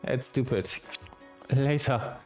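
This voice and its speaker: A man streaming a visual novel, reading the game's dialogue aloud with quick asides of his own. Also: medium pitch, fairly even intonation, darkish tone, faint music behind.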